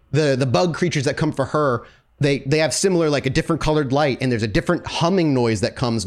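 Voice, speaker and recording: A man hosting a casual podcast, explaining as he goes with many fillers. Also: mid-range voice. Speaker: podcast host. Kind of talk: casual chat.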